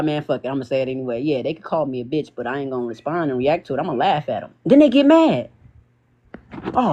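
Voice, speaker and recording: Slangy, animated man on a livestream. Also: on the high side, a little hiss or hum. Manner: animated, laughs often, slangy street talk. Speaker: TikTok live host. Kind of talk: casual livestream monologue.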